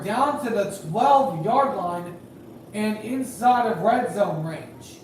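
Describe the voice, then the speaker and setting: High-voiced play-by-play man in an echoey room. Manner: rambling, hedging with fillers, excited on big plays. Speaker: amateur game commentator and high school official. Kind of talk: casual live play-by-play with reaction. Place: at home at night. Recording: very echoey room, distant mic, faint noise.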